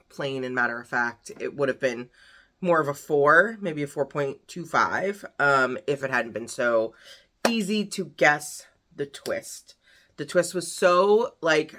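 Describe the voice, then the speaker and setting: Bright-toned chatty woman reviewing books. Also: low-pitched. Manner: chatty, rambling, many fillers. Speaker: book vlogger. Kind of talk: casual book review chat.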